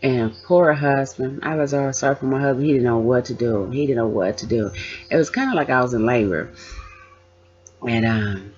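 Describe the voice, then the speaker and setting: A woman's voice: extremely low pitch, moderate pace, darkish tone, soft background music. A woman vlogger telling her own story casually, acting out the voices of the people in it. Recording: dull lo-fi sound.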